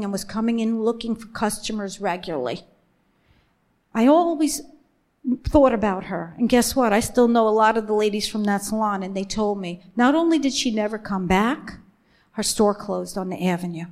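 A woman shares her personal faith testimony with a women's gathering, earnest and emphatic, slowing down on the key phrases. Her voice is a little high and a little mellow.

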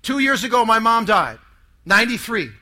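A man in his sixties giving an emotional testimony to a live audience, telling his story dramatically, sinking to hushed tones and rising to loud outbursts. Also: very high voice, big pitch swings, normal speed.

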